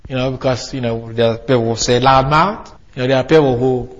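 A man's voice: mid-range voice, steady tone, fairly quick, dull audio. A man preaching a sermon to a congregation, teaching in a conversational way with frequent restarts and fillers. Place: church hall.

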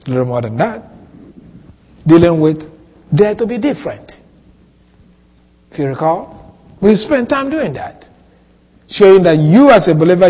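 A man preaching a sermon as pastor, teaching with emphatic, repeated phrases and a swooping, expressive delivery. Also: a little high, breathy edge. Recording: echoey hall with long reverb.

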